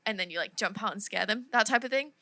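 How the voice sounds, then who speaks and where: A woman's voice: mid-range voice, no echo. A young woman co-hosting a podcast, telling a story with frequent giggles. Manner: giggly, quick asides, softens into quiet storytelling. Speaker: podcast co-host. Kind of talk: casual storytelling chat.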